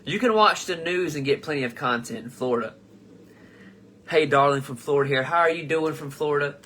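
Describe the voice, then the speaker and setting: This comedian is running his own live show, a young man who reads out fan comments and responds in a loose, profane, rambling way full of restarts. He sounds a little high and brisk, his tone fairly bright, with a slight hiss or hum in the recording.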